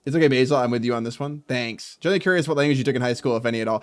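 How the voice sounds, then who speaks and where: A man streaming while he draws, reading viewer comments aloud and breaking into loud mock outrage with swearing. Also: mid-range voice, rapid-fire, few pauses, no echo, clean studio sound, faint music behind. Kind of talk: casual live-stream chat while drawing.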